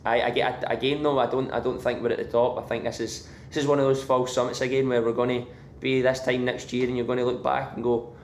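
A man's voice: mid-range voice, level tone, fast talker, reverberant, slight background noise. A Scottish man, a band member guest, talking casually with many fillers and restarts. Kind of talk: casual interview. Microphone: remote line from abroad.

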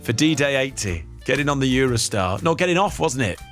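A man's voice: medium pitch, expressive, brisk, faint music behind. A man hosting a radio show, chatting and joking with his co-hosts in the studio. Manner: jokey and self-mocking.

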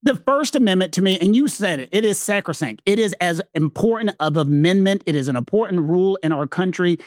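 A man with a Southern US accent, co-hosting a casual talk show and explaining law points emphatically, slowing down to stress key words. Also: high-pitched, animated, darkish tone, dry recording, studio quality. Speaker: legal podcast co-host.

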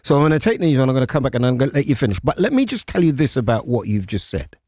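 A man's voice: medium pitch, rapid-fire, no echo. A man hosting a live radio show, talking through stories with lots of lift and drop in his voice. He repeats himself and breaks off mid-sentence. He sits close to the microphone in a dry studio. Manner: animated storytelling, repeats words, interrupts himself. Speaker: radio host.

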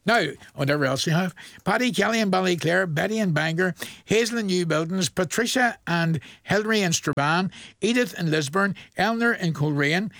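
A man with a Northern Irish accent presenting a chatty local radio show, reading shout-outs and a quiz in a folksy, jokey way straight to listeners. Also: fairly high pitch, vocal fry, dry recording.

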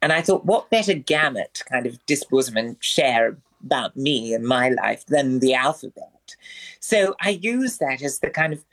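A man speaks as an interview guest in a flamboyant, wordy style, lingering over grand vocabulary. His voice sits at a middling pitch with theatrical flourish. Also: expressive, normal speed, a bit bright. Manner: florid, theatrical speech full of ornate words. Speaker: comedian and performer as guest. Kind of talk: radio interview.

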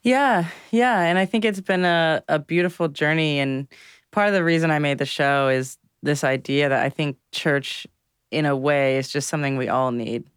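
A thoughtful man with a smooth, resonant voice speaks as a reflective radio guest. His voice is close and dry in the studio. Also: a little high, normal speed, a bit bright, no room sound. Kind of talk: reflective radio interview talk.

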